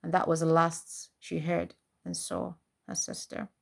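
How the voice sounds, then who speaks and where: Woman host, low voice, gravelly texture, casual commentary, retelling a story. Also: little pitch movement, measured pace. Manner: recounting and translating a clip line by line, acting out quoted speech. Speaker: host and life coach. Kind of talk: casual commentary on news clips.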